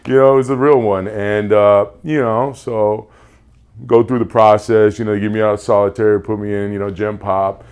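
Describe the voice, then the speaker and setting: A young man, a navy veteran, telling his story candidly in an interview, halting often with fillers. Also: on the low side, flat delivery, a little mellow, smooth.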